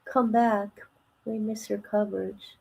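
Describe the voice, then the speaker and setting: Slow-talking woman streamer chatting. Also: mid-range voice, little pitch movement, gravelly, dark tone, husky, lo-fi sound. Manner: chatty, colloquial, laughs often; reads viewer comments aloud. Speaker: livestream host. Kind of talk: casual livestream chat.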